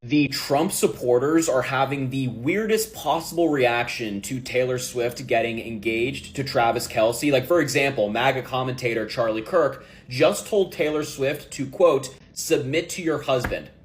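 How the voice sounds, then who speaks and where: A man's voice: medium pitch, a little slow, few pauses. A man doing online political commentary, sarcastic and exasperated. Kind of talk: mocking commentary.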